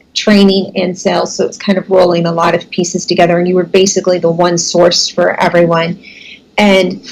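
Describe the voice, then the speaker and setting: A woman's voice: fairly low pitch, low-quality recording. A woman in her thirties from the United States, telling her career story as an interview guest in a candid, self-deprecating way with frequent laughs.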